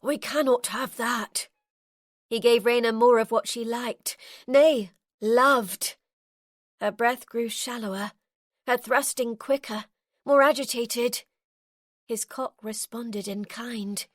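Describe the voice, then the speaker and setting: A woman narrating a romance audiobook in a measured, intimate, softly expressive reading on a close studio microphone. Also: on the high side, no room sound.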